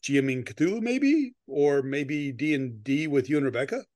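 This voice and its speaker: A middle-aged man co-hosts a podcast, chatting in a rambling way with many restarts and frequent laughter before reading a story aloud. His voice is medium-pitched, expressive and somewhat dark in tone, at a normal speed. The close podcast mic picks up no echo.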